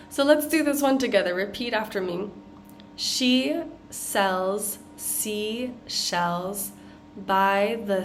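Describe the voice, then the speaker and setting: Slow-speaking American woman teaching pronunciation. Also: fairly high pitch, slight background noise. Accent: General American. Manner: slow, deliberate modeling of tongue twisters. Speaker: accent coach. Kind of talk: pronunciation lesson.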